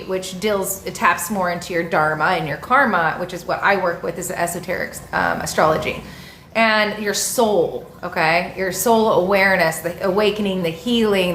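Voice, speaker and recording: A woman's voice: medium pitch, fairly bright tone, reverberant, a little hiss or hum. A woman astrologer teaching in a casual, frank, slangy way and laughing often. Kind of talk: casual spiritual teaching monologue.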